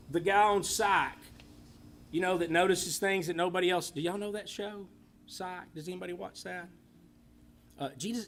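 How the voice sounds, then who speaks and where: A man leading a church Bible class in a chatty, joking way. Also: high voice. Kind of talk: casual church class talk.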